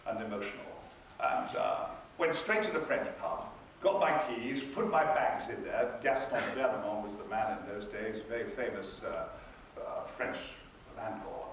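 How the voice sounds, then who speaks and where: An older man telling a wry, theatrical story as a convention panel guest, acting out the other people's lines. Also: medium pitch. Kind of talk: anecdotal storytelling. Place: convention hall. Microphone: audience recording from far off. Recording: echoey hall recorded from a distance with noise.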